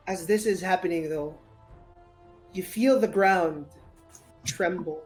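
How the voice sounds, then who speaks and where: A woman narrating a tabletop game as game master, unhurried with frequent fillers. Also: lowish voice, a little mellow, faint music behind.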